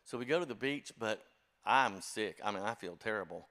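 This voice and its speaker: A man's voice: fairly low pitch, lively intonation, normal speed, pushed and bright. Folksy older storyteller man. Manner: folksy, self-deprecating storyteller. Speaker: church music director. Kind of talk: storytelling talk to a congregation.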